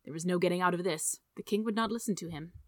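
A woman reading a story aloud in a steady, measured narration. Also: fairly low pitch, no echo, studio quality. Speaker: audiobook reader.

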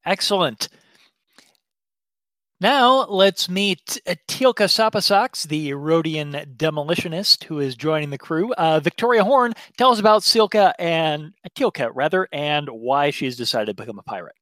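A man's voice: a little high, unhurried, no echo. A man hosting a tabletop role-playing show, introducing the players and narrating the scene with upbeat energy and frequent "uh"s. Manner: upbeat, animated, with filler "uh"s. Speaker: show host.

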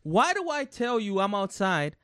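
A man's voice: high-pitched, very animated, normal speed, fairly bright tone, smooth, no echo. Rambling man on a dry mic. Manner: rambling, self-correcting storyteller. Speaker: podcast co-host. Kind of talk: casual chat.

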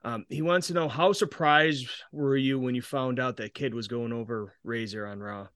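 A man's voice: medium pitch, moderate pace, fairly bright tone, clear, resonant tone, no room sound. A man hosting a podcast, reading out listener questions with a few fillers in casual chat.

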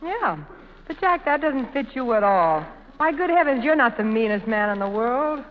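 A woman's voice: on the high side, animated, moderate pace. A woman guesting as a film actress in a 1940s radio comedy, flirty and teasing. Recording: lo-fi old radio broadcast with reverb.

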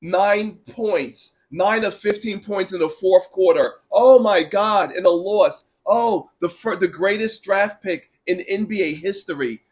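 A man with a notably high voice and a sore throat holds forth on sports, blunt and sarcastic. He talks slowly and deliberately, leaning on words for effect while answering his live chat. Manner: blunt, animated, sarcastic ranting. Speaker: sports talk show host. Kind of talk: casual opinionated sports talk, reading live chat.

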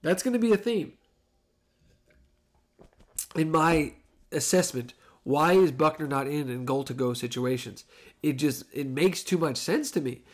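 A man, a father with young kids, giving a rambling, animated solo commentary on a football game and correcting himself as he goes. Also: on the high side, unhurried, long pauses. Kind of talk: casual solo sports commentary.

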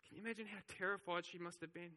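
A man's voice: high voice, fairly even intonation, rapid-fire, bright, forceful tone, big-room sound. A man preaching a sermon, telling the story with animation and acting out the voices of the crowd. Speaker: pastor.

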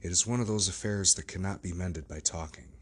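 A man reading the part of a troubled gentleman doctor who pleads earnestly and evades questions. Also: low-pitched, fairly quick, husky. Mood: evasive.

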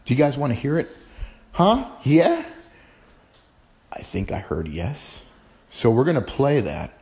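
A man's voice: mid-range voice, huge pitch swings, a little slow, a little mellow. A man hosting his own podcast, chatting in a rambling, playful, casual way. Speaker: podcast host. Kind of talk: casual chat.

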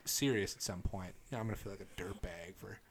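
A man's voice: low voice, fast, a little hiss or hum. A young man co-hosting a podcast, telling a crude dating story in casual banter, acting out both sides of a text chat and swearing often. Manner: animated storytelling, swears a lot, acts out text exchanges. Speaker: podcast co-host.

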